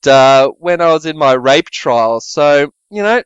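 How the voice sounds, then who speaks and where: A man co-hosting a podcast, trading crude, deadpan jokes in casual comedy banter. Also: takes it slowly, smooth, dry recording, muffled recording. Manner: crude, deadpan banter with sudden jumps in pitch. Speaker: podcast co-host.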